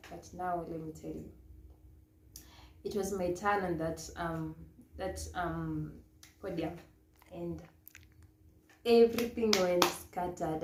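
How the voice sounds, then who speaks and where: Kenyan woman, pageant coach, lowish mellow voice, lively storytelling, echoey room, faint hiss. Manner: animated, laughs often, mixes in Swahili. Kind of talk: casual storytelling vlog.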